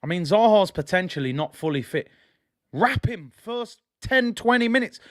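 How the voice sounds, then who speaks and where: A young man hosting a live football watch-along, reacting emotionally and often breaking into frustrated shouting. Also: sits high, expressive, normal speed, no room sound, studio quality. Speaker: fan stream host.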